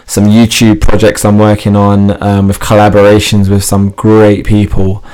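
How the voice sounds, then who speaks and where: Lively man telling stories, lowish voice. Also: normal speed, smooth. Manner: animated storytelling, laughs often, restarts sentences. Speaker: podcast guest, fitness TV host. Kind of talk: casual interview chat.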